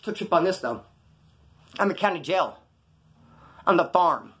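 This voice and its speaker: A man's voice: high voice, animated, measured pace, a bit bright. A man telling a rambling, profane story about his past, acting out the scenes as he goes. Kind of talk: casual storytelling.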